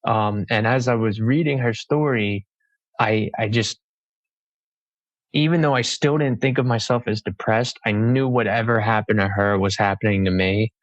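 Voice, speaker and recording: A man's voice: on the low side, moderate pace, no room sound, lo-fi sound. A young man, a guest author in a podcast interview, speaking hesitantly with many restarts. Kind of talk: casual interview chat.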